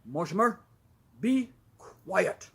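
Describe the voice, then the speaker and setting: A woman's voice: medium pitch, big pitch swings, extremely slow. A woman voicing stern police officers who scold a noisy boy, in a raised, bossy voice. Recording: background hiss.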